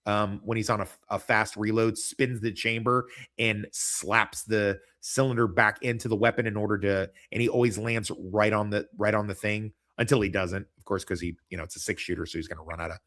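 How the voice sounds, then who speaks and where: A man's voice: on the low side, steady tone, brisk, few pauses, a bit bright. A man hosting a casual livestream chat, rambling and joking with lots of swearing. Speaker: podcast host.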